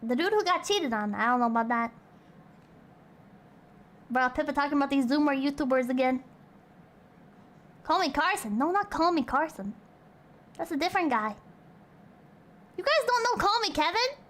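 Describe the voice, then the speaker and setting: A woman's voice: sits high, expressive, moderate pace, long pauses, fairly bright tone. A young woman streamer in casual chat, reading out donations, playful and crude and rambling.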